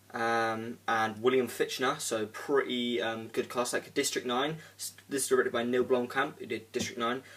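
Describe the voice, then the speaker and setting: The voice sits at an ordinary middle pitch, and the mic is set a little back from him. A young man talks through a film review in a loose, rambling way, filling gaps with "um" and "like" and swearing now and then. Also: sharp tone. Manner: rambling, full of "um" and "like", casual swearing. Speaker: movie reviewer. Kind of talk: casual spoken film review. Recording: voice a bit distant from the mic.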